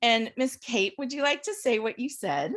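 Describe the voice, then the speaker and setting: A woman's voice: a little high, normal speed, slight background noise. Chatty woman telling stories on a video call. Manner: chatty, animated, laughs while telling stories. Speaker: panel participant. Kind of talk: casual storytelling on a video call.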